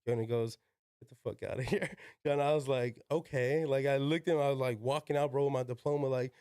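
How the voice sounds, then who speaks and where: A man's voice: mid-range voice, fairly even intonation, quick pace, warm tone, clean tone, no echo, clean studio sound. A young man, a podcast guest, telling a casual story in slangy talk full of "yo", "like" and swearing. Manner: slangy, peppered with "yo" and "like", swears freely.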